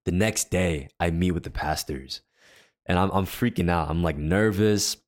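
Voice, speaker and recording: A low-voiced man co-hosting a faith podcast earnestly tells a personal story in a casual way at a moderate pace. He often restarts his sentences.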